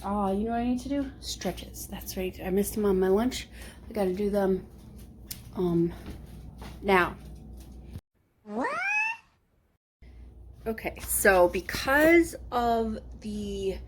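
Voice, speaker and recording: A woman's voice: medium pitch, slow, long pauses, slight background noise. A woman chatting casually to the camera from home, rambling between topics and sometimes dropping to a whisper. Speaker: vlogger. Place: at home, working from home.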